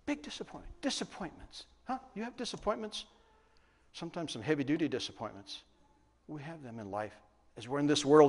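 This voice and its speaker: A man preaching a sermon, often asking the congregation questions and answering them. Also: fairly high pitch. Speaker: pastor. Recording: long reverb of a large hall.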